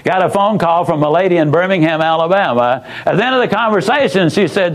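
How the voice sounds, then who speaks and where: A man giving a motivational speech, telling a story in a folksy, emphatic way with dramatic pauses and repetition. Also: sits high, lively intonation, rough recording. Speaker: motivational speaker.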